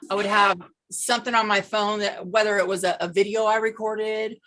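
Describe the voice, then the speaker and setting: Bright-voiced older woman with an Okie twang. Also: medium pitch, fairly quick. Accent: Okie-tinged Californian. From Northern California. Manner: chatty storyteller, lively asides. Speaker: guest. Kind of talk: casual video call chat. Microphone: video call.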